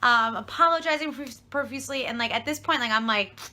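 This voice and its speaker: A woman's voice: fairly high pitch, brisk, pushed and bright, a little hiss or hum. A young woman vlogger telling a long rambling story in a chatty, casual way, recorded on her phone. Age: young adult. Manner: rambling, chatty, fed-up asides. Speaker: vlogger and reseller.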